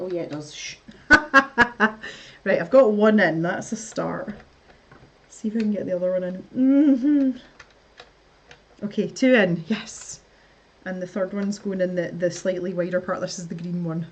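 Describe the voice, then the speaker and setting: A woman's voice: on the low side, measured pace, pauses often. A woman hosting a casual live stream, chatting to her viewers as she builds, laughing often and muttering to herself. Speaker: livestream host.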